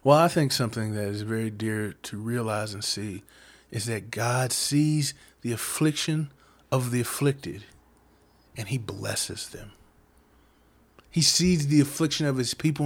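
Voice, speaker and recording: A man telling a Bible story in a casual, slangy way, often saying "man" and acting out the characters' lines in conversation. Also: medium pitch. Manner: slangy, laid-back, says "man" a lot. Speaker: Bible study speaker.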